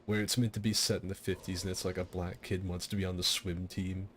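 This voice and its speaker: Low-voiced man telling rambling stories. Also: flat delivery, a little fast, a little hiss or hum. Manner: rambling, self-interrupting, laughing at his own jokes. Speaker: streamer hosting a game fight night. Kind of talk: casual storytelling over gameplay.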